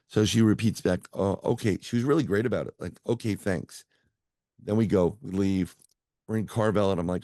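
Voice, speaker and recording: A man's voice: on the low side, moderate pace, warm tone, dry recording, clean studio sound. A middle-aged man, a psychic medium, telling a rambling story over a video call and acting out the other people's lines. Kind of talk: casual storytelling interview.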